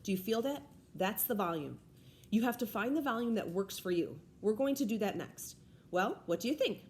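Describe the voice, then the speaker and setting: A woman's voice: medium pitch, lively intonation, normal speed, a little hiss or hum, close to an everyday voice. A woman voicing a friendly, joking male ear doctor who reassures a child. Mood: reassuring. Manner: jokey, reassuring.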